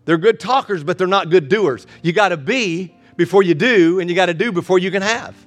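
A man preaching a sermon as pastor, building with repeated phrases and ending soft in prayer. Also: sits high, a little fast, faint music behind.

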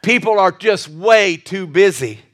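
High, bright-voiced male pastor preaching. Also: unhurried. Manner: animated, repetitive, jokey asides and restarts. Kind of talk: sermon.

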